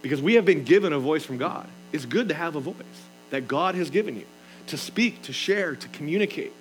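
A man's voice: on the high side, expressive, a little fast, soft background music, poor audio. A man preaching a sermon in an earnest, emphatic way, reading scripture aloud and explaining it. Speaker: pastor.

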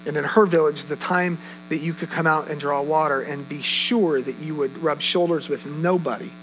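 High-voiced pastor, animated storytelling. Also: male voice, normal speed, a little hiss or hum, low-quality recording. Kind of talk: sermon.

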